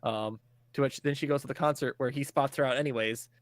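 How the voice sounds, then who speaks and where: A man on a podcast talks through a show's plot in a loose, rambling way, sprinkling in laughs and casual swearing. His voice sits at a middling pitch. The sound is close and dry, with no room around it. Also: fairly even intonation, fast talker, dry recording. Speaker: podcast co-host. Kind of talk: casual show recap.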